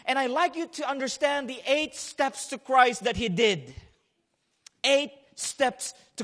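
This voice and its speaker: High-voiced man preaching a sermon. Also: lively intonation, a little slow. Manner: swings between hushed and loud delivery; repeats and restarts phrases. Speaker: pastor.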